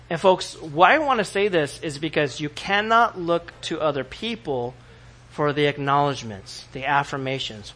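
A middle-aged man preaches from the pulpit in a lively, animated way, slipping into other people's voices to act out what they said. His voice sits fairly high and sounds bright. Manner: animated, acts out quoted voices, laughs often. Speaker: pastor. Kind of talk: sermon.

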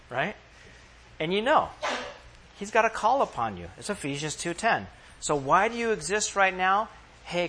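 A man preaching a sermon to a congregation, emphatic, slowing down to read verses aloud and asking the room direct questions. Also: a little high, pushed and bright, slight background noise. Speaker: pastor.

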